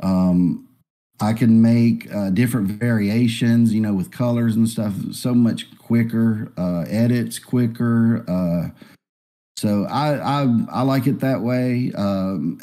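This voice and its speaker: A man from Alabama, talking in a relaxed, rambling way with many fillers as a guest artist in a live Q&A. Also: lowish voice. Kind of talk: casual live Q&A.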